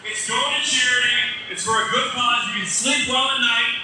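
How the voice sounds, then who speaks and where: A man announcing at an event, joking and calling out auction bids with quick banter. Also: very high-pitched, fairly even intonation, sharp tone, very echoey, recorded from a distance, slight background noise, low-quality recording.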